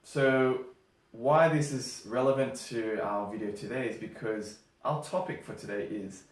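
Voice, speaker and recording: A man's voice: medium pitch, a little slow. A young Australian man with an Australian accent, co-hosting a casual chat, easygoing and laughing often. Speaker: co-host. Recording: roomy, distant mic.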